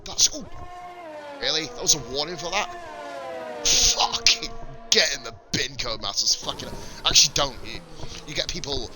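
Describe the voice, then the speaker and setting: Excitable sweary racing streamer. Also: male voice, fairly high pitch, moderate pace, pauses often, music in the background. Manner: excitable, sweary, chatty with chat, bursts of loud excitement. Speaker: racing league commentator and streamer. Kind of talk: live sim-racing commentary.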